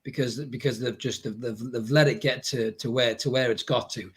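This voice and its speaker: Geordie bloke rattling on about football on a podcast, quick and chatty, keeps saying mate. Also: male voice, mid-range voice, fairly even intonation. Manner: chatty, says mate a lot. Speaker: podcast co-host. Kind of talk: casual football chat.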